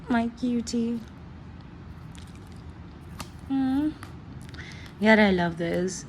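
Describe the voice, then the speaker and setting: A teenage vlogger from Pakistan speaks slowly in a mid-range voice, pausing often, with a little hiss or hum in the recording. She chats casually through an unboxing, gushing and giggling frequently in excitable fan talk.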